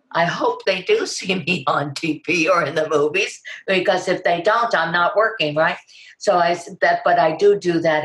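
A woman's voice: fairly low pitch, moderate pace, fairly bright tone. An older woman, an actress, chatting in an interview and telling stories animatedly, acting out quoted lines with big jumps in her voice. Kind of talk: casual interview chat. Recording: echoey room.

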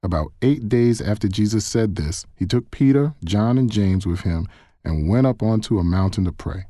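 A man reading a Bible passage aloud in a measured, even way. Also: fairly low pitch, no echo, clean studio sound. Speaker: Bible reader. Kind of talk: scripted scripture reading.

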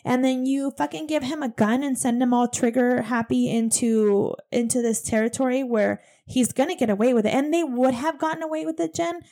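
Young female co-host, slightly high voice, blunt and outspoken, casual chat. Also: fairly quick, few pauses, warm tone. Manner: blunt, indignant, swears freely. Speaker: podcast co-host.

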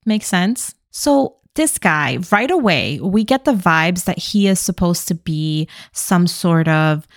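A woman's voice: fairly low pitch, animated, no room sound, studio quality. A young woman co-hosting a podcast, recapping a movie in sarcastic, chatty talk. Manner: chatty, sarcastic, quick asides. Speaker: podcast co-host. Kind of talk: casual movie recap chat.

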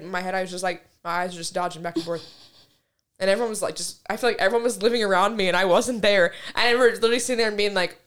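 Young adult woman, quick and chatty, swears a lot, laughs through her stories. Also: mid-range voice, a bit bright. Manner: chatty storyteller, swears freely, laughs often. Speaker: podcast co-host. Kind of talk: casual chat. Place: lived in a place with basements, now in Texas.

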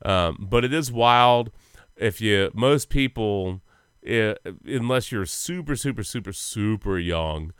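A man co-hosting a sports podcast, chatting casually in a profane, rambling, animated way. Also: fairly low pitch, takes it slowly, clear, resonant tone, no room sound, studio quality. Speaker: podcast co-host.

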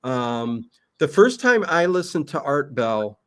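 A male host in casual conversation, spinning a story with enthusiasm. His voice sits somewhat high for a man. He talks loosely, with fillers and quick self-corrections. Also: clear, resonant tone. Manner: animated storyteller, many fillers and restarts. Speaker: podcast host. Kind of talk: casual chat.

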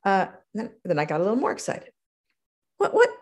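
A middle-aged woman, a guest in an interview, telling stories from her career in an animated conversational way. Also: fast talker. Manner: animated, acts out quotes with big pitch jumps. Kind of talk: conversational storytelling.

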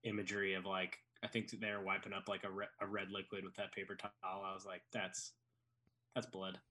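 An eager man co-hosts a podcast and chats casually about a TV show. His voice is fairly low and full of enthusiasm. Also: completely flat delivery, brisk, pushed and bright. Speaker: podcast co-host.

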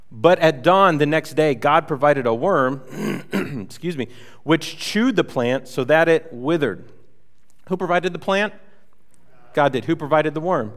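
A man's voice: mid-range voice, a bit bright. A man preaching a sermon in a casual, conversational way, acting out voices in asides and asking the congregation questions. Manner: conversational, acts out paraphrased voices of the prophet with rhetorical asides. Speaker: pastor.

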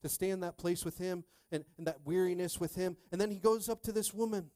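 A man preaching a sermon as pastor, telling a personal story animatedly, swinging between hushed and loud, and checking in with the crowd again and again. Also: sits high, quick pace, dry recording, clean studio sound.

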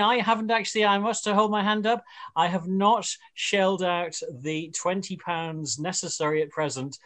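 A man's voice: on the high side, fairly bright tone. A man hosting a radio panel chat in a rambling way, with many fillers and restarts. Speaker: radio show host.

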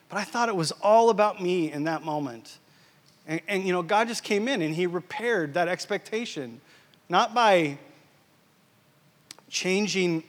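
A man giving a sermon as a guest preacher, telling a story in an animated way that swings between loud and hushed. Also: high-pitched. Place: church. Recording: church hall reverb.

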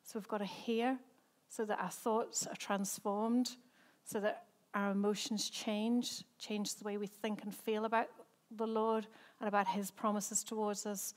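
A woman's voice: medium pitch, flat delivery, unhurried, few pauses. Chatty woman pastor. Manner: chatty and self-mocking, laughs often. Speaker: senior pastor. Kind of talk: sermon with personal stories.

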